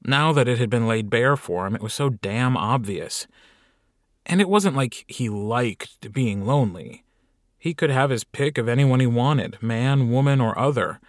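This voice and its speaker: Male audiobook narrator, wry, mid-pitched, dry close sound. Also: expressive, measured pace, no room sound. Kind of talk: scripted narration.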